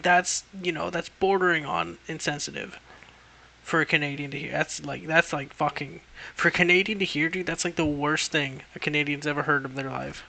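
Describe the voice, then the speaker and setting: A man's voice: fairly high pitch, fairly even intonation, fairly quick, gravelly, pushed and bright. A young man chatting casually on a livestream, rambling and swearing constantly.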